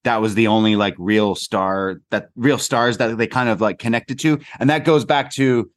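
A man's voice: fairly low pitch, fairly even intonation, normal speed. Chatty Canadian man recapping wrestling. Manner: rambling, swears casually, many fillers. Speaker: podcast co-host. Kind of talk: casual wrestling recap chat.

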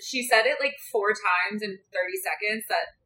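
Bright, animated woman on a chat podcast. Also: medium pitch, normal speed. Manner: animated, mimics people in quotes, swears. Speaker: podcast co-host. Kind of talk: casual reality-show chat.

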